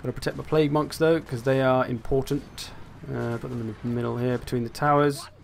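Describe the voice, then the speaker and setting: Chatty gaming commentator. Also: male voice, mid-range voice, steady tone, brisk, creaky, slight background noise. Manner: chatty, wry, thinking aloud. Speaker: gaming channel host. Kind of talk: casual strategy game commentary.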